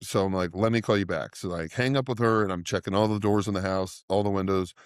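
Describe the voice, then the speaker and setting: Low-voiced man swearing through a story. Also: steady tone, fast, clean tone, no room sound, studio quality. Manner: profane, rambling anecdote with frequent laughter. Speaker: podcast co-host. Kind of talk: casual storytelling chat.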